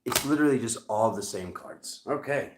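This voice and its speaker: A man with a Rhode Island accent talks through a tarot reading in a loose, conversational way. He drifts into joking asides at a middling pitch. His voice bounces around a roomy, echoing space. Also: lively intonation, normal speed, noisy background. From Rhode Island, USA. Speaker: tarot reader. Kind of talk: casual tarot reading vlog.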